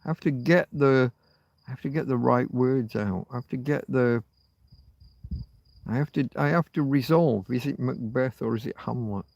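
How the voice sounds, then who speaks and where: A man's voice: medium pitch, moderate pace, creaky, darkish tone, no echo. A man hosting a livestream, thinking aloud in rambling casual chat, often muttering and swearing to himself. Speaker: livestream host.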